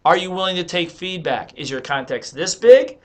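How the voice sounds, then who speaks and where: A man's voice: high-pitched, lively intonation, normal speed. A man giving an emphatic motivational talk to the camera, coaching listeners with rhetorical questions. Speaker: motivational speaker and author. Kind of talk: motivational monologue.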